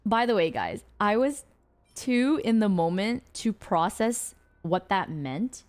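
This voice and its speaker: Animated woman telling a story. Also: mid-range voice, takes it slowly. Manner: animated, acts out quoted lines, frequent laughter. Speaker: streamer; rideshare driver. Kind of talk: casual storytelling to a stream chat.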